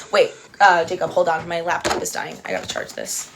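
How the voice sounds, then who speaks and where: A woman's voice: on the low side, big pitch swings, unhurried, heavy background noise. A young woman hosting a casual livestream from home, giggly, easily distracted and rambling between stories. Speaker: livestream host.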